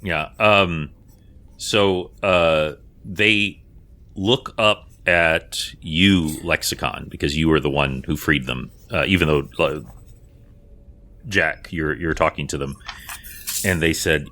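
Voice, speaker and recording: A man narrating as game master in a measured way with fillers and asides. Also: rumbling low, bright, forceful tone.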